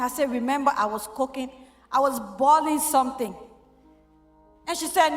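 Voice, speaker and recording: High-voiced woman giving church testimony. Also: moderate pace, bright, forceful tone. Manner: emotional, storytelling with quoted dialogue. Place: church hall. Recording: echoey church hall with faint music.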